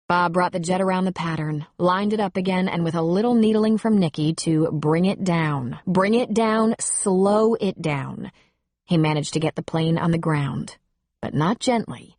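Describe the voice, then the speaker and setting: Low-voiced woman narrating an audiobook. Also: normal speed, darkish tone, no echo, clean studio sound.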